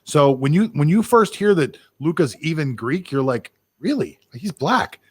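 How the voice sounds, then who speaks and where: A man's voice: fairly high pitch, expressive, moderate pace, a little mellow, dry recording. A man co-hosting a sports podcast, talking bluntly and jumping from one strong opinion to the next. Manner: blunt, opinionated, jumps between thoughts. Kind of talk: casual sports chat.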